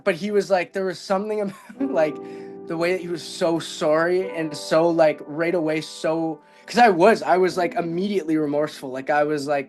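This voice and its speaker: A man's voice: on the high side, fairly even intonation, normal speed. A young man telling a personal story as a podcast guest, rambling and filling his speech with "like". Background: background music.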